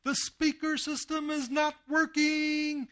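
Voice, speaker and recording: A preacher voicing a male priest who yells slowly from the pulpit in a high, strained voice. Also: level tone, heavily acted. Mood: exasperated. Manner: high, loud, drawn-out yelling.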